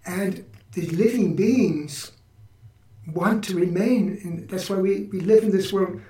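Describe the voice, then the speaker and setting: A man hosting a spiritual podcast, talking through teachings in a relaxed, reflective way with frequent restarts. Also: high-pitched, distant mic. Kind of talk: spiritual talk. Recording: echoey room, voice from off-mic.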